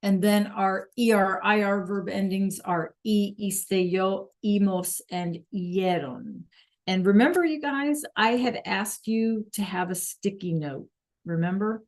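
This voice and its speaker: A woman's voice: medium pitch, slow pace. A woman teacher talking casually to students in a live online class, chatty, with fillers. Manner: chatty, with fillers and throat-clearing. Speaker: Spanish teacher.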